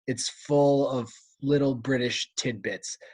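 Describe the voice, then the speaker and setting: A man with an American accent, co-hosting a casual book podcast and quizzing his friend in a relaxed, chatty way. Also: medium pitch, slow pace, husky. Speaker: podcast co-host. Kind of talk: casual chat.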